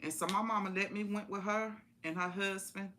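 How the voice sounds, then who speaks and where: A woman's voice: medium pitch, steady tone, a little fast, sharp tone, slight background noise. A woman telling a personal story in a casual, folksy way on a live stream, repeating phrases for emphasis.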